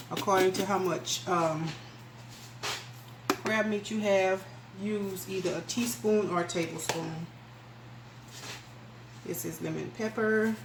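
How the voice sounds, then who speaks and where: Chatty woman cooking at home. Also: on the low side. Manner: chatty, folksy, addresses viewers as y'all. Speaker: cooking channel host. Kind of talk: casual cooking demonstration. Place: small home kitchen. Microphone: camera mic, filming alone. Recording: echoey kitchen with background noise.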